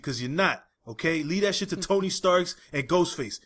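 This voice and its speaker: A man co-hosting a podcast, ranting loudly with lots of swearing and laughter in casual chat. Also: a little high, moderate pace, hardly any pauses. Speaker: podcast co-host. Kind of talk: profane comedic ranting chat.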